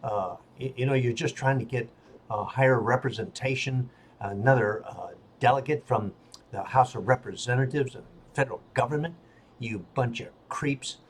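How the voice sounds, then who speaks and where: A man's voice: mid-range voice, normal speed, slightly rough. Angry older man ranting bluntly. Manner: angry, blunt, with many fillers and restarts. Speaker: political vlogger. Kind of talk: ranting monologue.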